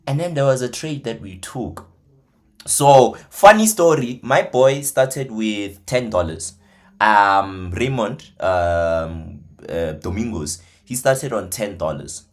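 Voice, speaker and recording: A man, a trading mentor, telling stories in casual talk, animated, swinging from hushed to loud. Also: lowish voice, slow pace. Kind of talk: casual storytelling.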